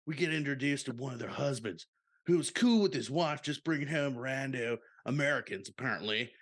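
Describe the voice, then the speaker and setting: A drawling, easygoing surfer-dude storyteller, as a podcast host puts him on. He leans on dude and bro at the end of his lines, with a middling pitch. The whole thing is a playful comic reading. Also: natural voice. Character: laid-back surfer-dude man telling a story. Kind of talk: comic reading of a listener submission.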